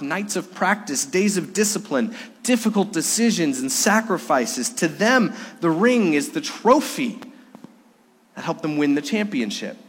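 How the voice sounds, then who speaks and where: A man's voice: a little high, a bit bright. A man preaching a sermon during a Sunday service, talking conversationally, with restarts and storytelling asides. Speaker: pastor. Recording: long reverb of a church sanctuary.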